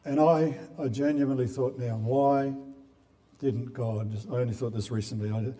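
Man, sermon delivery, earnest, mellow tone, echoing church hall. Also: medium pitch, normal speed. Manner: earnest, repeats words when building a point. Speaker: preacher. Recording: long hall reverb.

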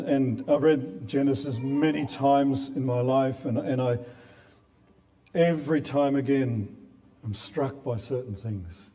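Man, sermon delivery, earnest, mellow tone, echoing church hall. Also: mid-range voice, slow. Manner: earnest, repeats words when building a point. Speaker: preacher. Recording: long hall reverb.

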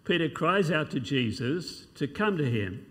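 A man's voice: a little high, very animated, unhurried, a bit bright. A man preaching a sermon, asking rhetorical questions and reading scripture passages aloud. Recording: long hall reverb.

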